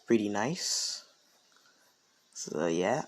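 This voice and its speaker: A man improvising a fan story narration, slow and hesitant, full of ums and you-knows. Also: lowish voice, sing-song. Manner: slow, hesitant, lots of fillers.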